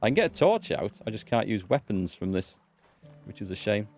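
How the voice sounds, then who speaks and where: A chatty British man talks over his game in a low voice with a lively, bouncing pitch. He answers his chat casually, and faint game music sits underneath him. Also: fairly quick. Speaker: let's play gamer and streamer. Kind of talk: casual live-stream commentary.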